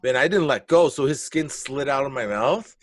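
A man's voice: mid-range voice, normal speed, dry recording. A male comedian telling a wild story in casual, blunt talk, swearing freely and acting out the moments. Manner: animated, blunt, profane storytelling with acted-out moments. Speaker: comedian guest.

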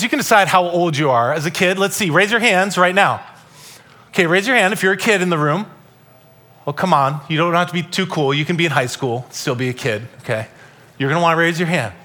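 A man in his thirties preaching a Christmas sermon to a live congregation, telling stories with loud bursts and soft asides. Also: fairly high pitch. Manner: animated storytelling, shifting between loud bursts and soft asides. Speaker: pastor. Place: church hall, live congregation.

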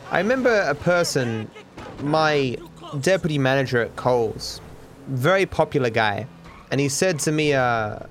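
Candid young man rambling. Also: medium pitch. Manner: candid, self-deprecating, swears freely. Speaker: streamer. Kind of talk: casual rambling monologue.

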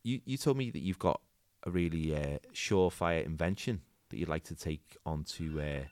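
A man hosting casual comedic chat, joking and animated. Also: rumbling low, moderate pace.

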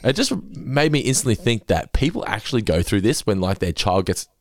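A man with a deep, low voice, chatting casually as a podcast host. His pitch swings widely as he talks, and he laughs easily, breaking into animated impressions. The sound is close and dry, with no room in it. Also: a little fast, no room sound. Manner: giggly, jumps into animated impressions when quoting. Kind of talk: casual recap chat.

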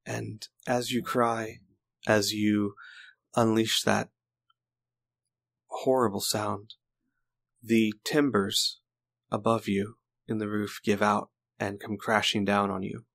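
Slow, low-voiced male game master. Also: flat delivery, vocal fry, fairly bright tone. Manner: descriptive, halting with fillers. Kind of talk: narrating a tabletop game.

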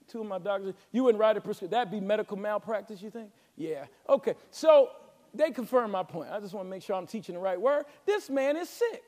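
A man preaching a sermon as pastor, with a Southern American accent and call-and-response delivery that builds to shouts. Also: high-pitched, animated, fairly quick. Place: large church sanctuary. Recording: long hall reverb.

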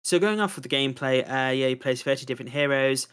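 A man's voice: medium pitch, fast, fairly bright tone, smooth. Enthusiastic rambling man chatting. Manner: enthusiastic, rambling, self-correcting. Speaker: podcast co-host. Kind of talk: casual chat about video games.

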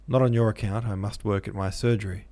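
A hearty young medical student chats in a breezy, friendly way, as a man reads him out. The voice sits low with a gravelly edge. It keeps a cheerful, easy tone. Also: fairly even intonation, fast, warm tone, natural voice.

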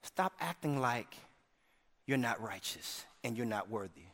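A man's voice: medium pitch, lively intonation, unhurried. Male pastor preaching in a reverberant church. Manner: dynamic preaching, swinging from shouts to hushed lines; keeps checking in with the congregation. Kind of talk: sermon. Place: church sanctuary.

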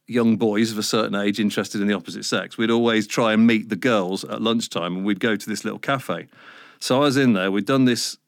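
A man's voice: mid-range voice, no room sound, studio quality. A middle-aged man, telling a rambling, self-mocking story in a casual interview. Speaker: radio presenter guest.

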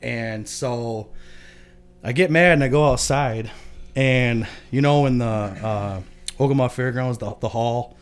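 A man's voice: mid-range voice, unhurried, clean tone. Laid-back man telling a rambling story. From Michigan. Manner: laid-back, laughing often, profane. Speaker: podcast guest. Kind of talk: casual storytelling.

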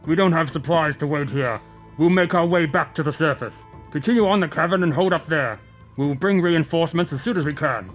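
A man voicing a male companion cut off behind rubble, giving brisk practical orders. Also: a little high, faint music behind, pitched above the performer's own voice, close to an everyday voice. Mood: urgent.

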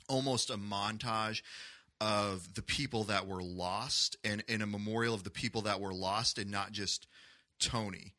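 A man's voice: fairly low pitch, pushed and bright. A man in a casual podcast chat, hesitant and full of fillers as he lays out his view. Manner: slow, hesitant, many fillers. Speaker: podcast co-host.

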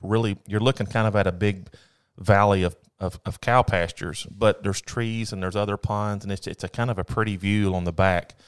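A man's voice: lowish voice, steady tone, normal speed, smooth. A man co-hosting a casual chat, telling a story in an upbeat, rambling way. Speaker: podcast co-host.

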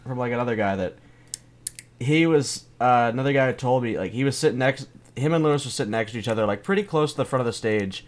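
A man's voice: medium pitch, quick pace. Young man, casual storytelling, profane, rambling, laughs a lot. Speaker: comedian guest.

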